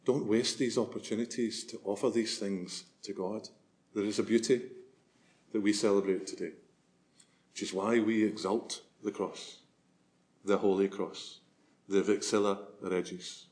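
A man's voice: fairly low pitch, steady tone, a little slow, darkish tone. A man preaching a sermon as a priest, earnest and swelling to emphasis on key phrases.

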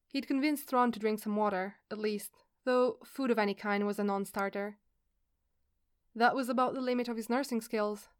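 A woman reading a fan fiction story aloud in a steady storytelling manner. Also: a little high, clear, resonant tone. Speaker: reader.

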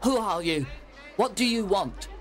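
A man's voice: high-pitched, lively intonation, moderate pace, fairly bright tone, pitched above the performer's own voice. A man voicing a frightened, nervous little man who asks anxious questions, in a storybook reading.

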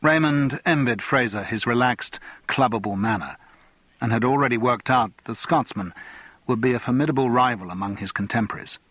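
A man narrating an audiobook in a measured, even storytelling manner. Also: medium pitch, breathy edge, dry recording, dull audio.

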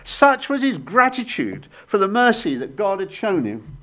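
A man preaching a sermon, telling stories with sudden rises and soft, hushed drops. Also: high voice, huge pitch swings, unhurried.

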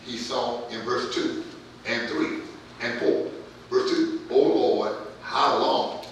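A man preaching a sermon as pastor, his voice swelling louder as he drives points home. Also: mid-range voice, slow pace, a little hiss or hum. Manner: preaching with rising volume and calls of amen. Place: church sanctuary. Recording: distant mic in an echoey church hall.

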